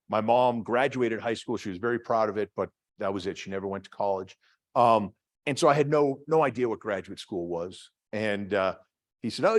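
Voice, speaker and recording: A middle-aged man with a Boston accent, a department head giving a chatty, self-deprecating talk to an audience, with many fillers and restarts. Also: on the low side. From Massachusetts. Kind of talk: lecture to an audience.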